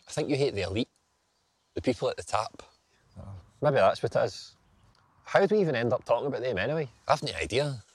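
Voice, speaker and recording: A man's voice: mid-range voice, breathy edge, dry recording. A Scottish man narrating a documentary in a wry, reflective way and acting out both sides of a conversation as he tells it. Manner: wry and reflective, acting out dialogue in his storytelling. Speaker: documentary presenter and spoken-word poet. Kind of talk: documentary narration and performed spoken word.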